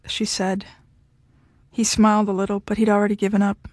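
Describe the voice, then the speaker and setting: Woman reading a story, calm and dry. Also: medium pitch, moderate pace, no echo. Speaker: story reader. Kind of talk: scripted narration.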